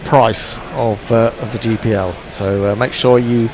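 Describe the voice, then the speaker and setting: A man doing relaxed ball-by-ball cricket commentary on an internet radio stream, chatty and dry, with plenty of fillers. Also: mid-range voice, unhurried. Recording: faint background noise.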